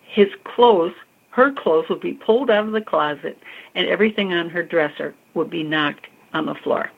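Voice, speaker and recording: A woman telling a ghost story as a psychic medium, expressive and chatty, calling the listener honey. Her voice is gravelly and husky, a little low. It comes through a thin, tinny phone-like line. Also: normal speed. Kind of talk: animated storytelling in an interview.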